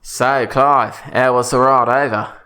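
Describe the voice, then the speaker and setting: A man's voice: mid-range voice, steady tone, unhurried, pushed and bright, clean tone. A man voicing a chatty, boastful aristocrat swindler with a put-on Australian accent in improvised comedy. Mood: jovial. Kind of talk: improvised comedy role-play.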